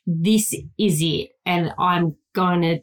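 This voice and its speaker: A woman's voice: lowish voice, steady tone, takes it slowly. A woman co-hosting a parenting podcast, speaking frankly and earnestly in casual chat. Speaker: podcast co-host, guest's wife.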